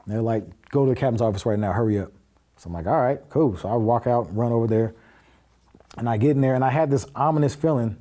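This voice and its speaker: A man's voice: mid-range voice, fast, mellow. A man, a podcast guest, casually recounting a personal story and acting out the quoted dialogue in plain, blunt words. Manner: acts out quoted dialogue while recounting events; plain-spoken, with frequent fillers and curse words.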